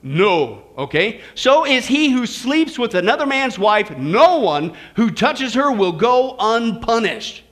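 Preacher guy w/ a really high voice, folksy jokes, goes quiet then loud, in church. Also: big pitch swings, slow pace, hardly any pauses. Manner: folksy joking preacher, swings from quiet asides to loud exclamations. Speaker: pastor. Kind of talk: sermon.

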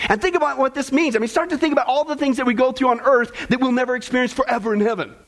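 A man with a strikingly high voice preaches a sermon to a church congregation. He keeps the delivery animated and jokey. He often laughs at his own punchlines. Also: very fast. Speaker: pastor.

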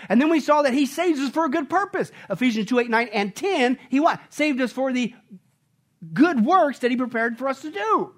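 A man's voice: very high voice, animated, moderate pace. A man preaching as a pastor, emphatic, with rhetorical questions to the congregation and chuckles between points. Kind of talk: sermon.

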